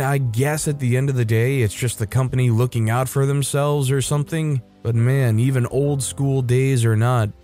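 A man hosting a story channel, reading online revenge stories aloud in a casual, lively way. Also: mid-range voice. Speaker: story channel host and narrator.

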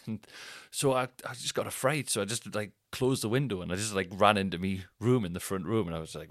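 A man's voice: lowish voice, fast, fairly bright tone, dry recording, studio quality. A man, a stand-up comedian hosting his own podcast, telling a story casually and laughing as he acts out the people in it.

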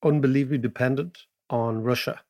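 A man, co-hosting a podcast in casual chat, telling lively anecdotes and explaining economics. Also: medium pitch, a little fast. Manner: animated, laughing anecdotes. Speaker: podcast co-host.

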